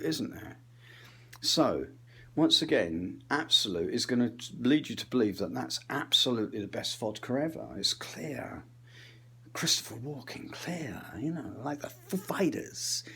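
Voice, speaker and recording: Husky guy ranting n rambling, swears a lot, keeps losing his thread, mid pitch. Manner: drifts between muttered asides and louder bursts. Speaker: channel host. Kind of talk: rambling comic rant.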